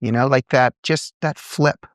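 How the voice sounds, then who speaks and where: A middle-aged man, an entrepreneur and coach, telling earnest, animated stories in a podcast conversation. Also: medium pitch, a little slow, no echo, studio quality. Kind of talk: conversational storytelling.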